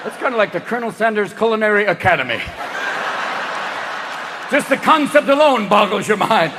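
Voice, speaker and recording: Manic high-pitched stand-up comedian. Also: male voice, expressive, crowd noise, background noise. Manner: manic, rapid-fire, switching into voices, profane. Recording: echoey hall with loud audience.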